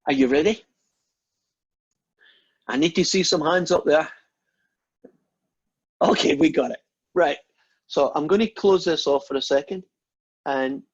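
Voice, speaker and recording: A man's voice: fairly high pitch, breathy edge. A man giving a university maths lecture, chatty and quizzing the class with questions. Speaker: math lecturer. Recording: dull lo-fi recording.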